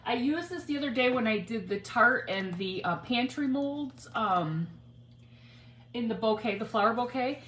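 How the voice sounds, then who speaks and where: A woman's voice: on the high side, lively intonation, normal speed, a bit bright. Middle-aged lady chatting while she crafts on a livestream, rambly and friendly, echoey room with faint hum. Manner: chatty, rambling, greets viewers by name. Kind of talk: casual crafting livestream chat. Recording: roomy home recording with faint ambience.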